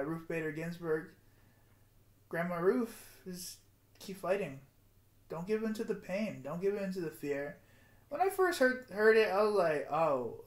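A man in his twenties giving an earnest, rambling motivational vlog monologue with guided breathing and affirmations. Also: on the high side. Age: 20s. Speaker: vlogger.

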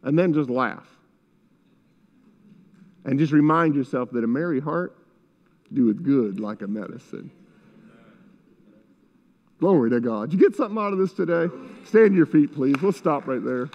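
In a church sanctuary, a middle-aged pastor delivers an impassioned, repetitive sermon that shifts into spoken prayer. His fairly high voice is expressive at a moderate pace with long pauses, and the audio is muffled and carries a long hall reverb.

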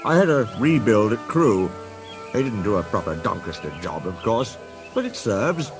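A man's voice: fairly low pitch, sing-song, normal speed, over music. A man voicing a famous, worldly male express engine who talks in a friendly, knowing way.

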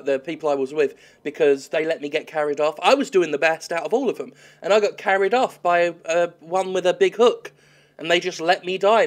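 A man giving sweary, joking let's-play commentary while he plays a game, with excitable outbursts. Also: fairly high pitch. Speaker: games critic playing a game.

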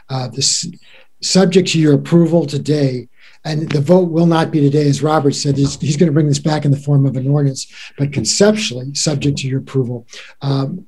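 Husky man presenting to a council. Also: on the high side, dark tone. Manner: measured, formal briefing. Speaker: cable franchise consultant.

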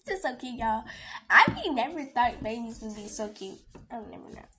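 A woman vlogging on a phone, gushing excitedly and chatting to her viewers as y'all. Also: a little high, moderate pace. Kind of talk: casual chat to viewers.

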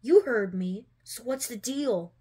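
A woman reading a fan story aloud, voicing a rude, hot-tempered teenage boy who snarls his insults loudly. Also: on the high side, slow pace, husky. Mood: aggressive.

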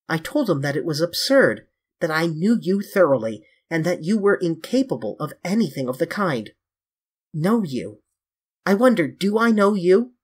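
A reader voicing a grave, earnest male painter who pleads and reproaches his young friend, with a husky tone. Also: a little high.

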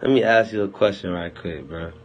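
A man's voice: low voice, a little fast, highs cut off, a little hiss or hum. A young man chatting loosely on a phone livestream, rambling, laughing and teasing his viewers in heavy slang. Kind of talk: loose joking livestream chat.

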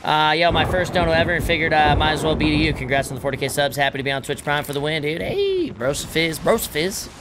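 A man streaming a video game, chatting casually with viewers and crew, relaxed and joking with plenty of swearing. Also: on the high side, racing, few pauses, very noisy. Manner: laid-back, swearing, joking banter. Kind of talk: casual live-stream chat.

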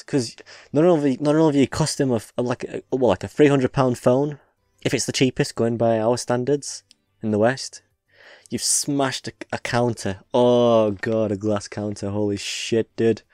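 A man's voice: medium pitch, steady tone, moderate pace, mellow, no room sound, clean studio sound, faint music behind. A man hosting a reaction video, commenting casually on clips, laughing often and swearing freely.

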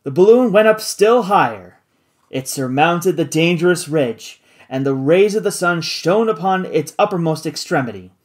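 A narrator reading a classic adventure novel aloud in an expressive, dramatic way. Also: mid-range voice, moderate pace. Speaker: audiobook narrator.

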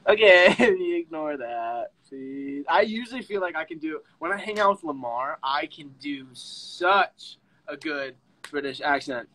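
A young man hosting a casual livestream with fans from home on a phone, chatty and excitable, often breaking into squeals and laughs. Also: fairly high pitch, a little slow, poor audio. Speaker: livestream host talking with fans.

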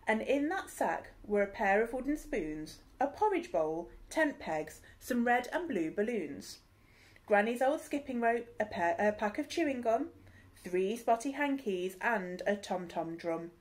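A woman teacher with a voice on the high side reads a rhyming picture book aloud at an unhurried pace. Her expressive reading is sing-song and rhythmic, sprinkled with playful asides.

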